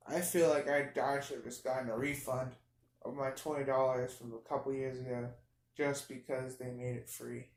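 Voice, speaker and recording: A young man quietly telling a goofy, meandering made-up story as a vlogger, with many restarts and fillers. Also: mid-range voice. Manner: speaks quietly. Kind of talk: rambling improvised storytelling. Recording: roomy echo.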